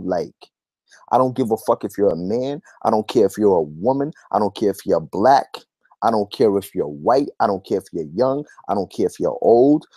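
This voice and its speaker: A man's voice: medium pitch, big pitch swings, normal speed, dark tone, no echo, clean studio sound. A man giving a heated vlog rant, emphatic and repetitive, with blunt profanity. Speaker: YouTube commentator.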